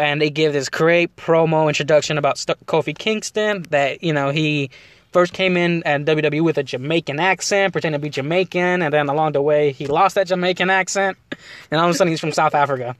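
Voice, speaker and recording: A man hosts a casual podcast, his voice sitting a little higher than most men's. He rambles in an animated way and laughs often. The recording is dry and close, with no room sound. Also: fairly quick, no room sound. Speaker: podcast host. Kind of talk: casual wrestling chat.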